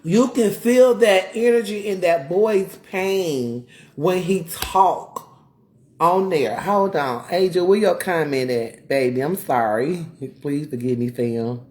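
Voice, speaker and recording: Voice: mid-range voice, slow, darkish tone. A live streamer ranting in heated commentary, repeating points, firing off rhetorical questions and breaking off to greet viewers. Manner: emphatic, repetitive, rhetorical questions; greets viewers mid-rant.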